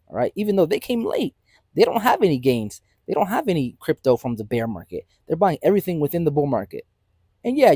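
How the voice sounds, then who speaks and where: A man hosting his own crypto channel, talking off the cuff in an animated, emphatic way and often tagging "right?" onto his points. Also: on the high side, breathy edge, dry recording. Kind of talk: casual unscripted market commentary.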